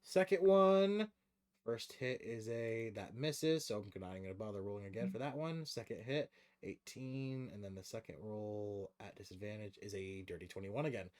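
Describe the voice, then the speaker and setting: A man's voice: on the low side, moderate pace, darkish tone. A man running a tabletop role-playing game on a stream, muttering dice rolls and rules and then narrating monster scenes vividly. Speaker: game master.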